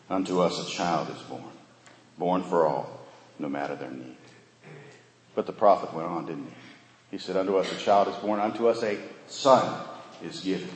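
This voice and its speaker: A very low-voiced man preaches a sermon, pressing his points with rhetorical questions and slow, emphatic repetition. His voice rings through a large reverberant hall. Faint room ambience sits underneath. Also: slight background noise. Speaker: pastor.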